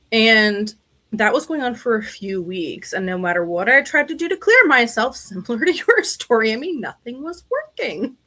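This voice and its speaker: A woman co-hosting a talk show, telling a personal story in a casual, expressive way and often laughing. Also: medium pitch. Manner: animated, expressive, laughs often, quotes people. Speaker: podcast co-host.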